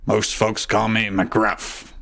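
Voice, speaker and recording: A man voicing McGruff, a flirty bloodhound police officer, during a live group fanfic reading, in a slow, gravelly low-key manner. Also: monotone, fairly bright tone, heavily acted.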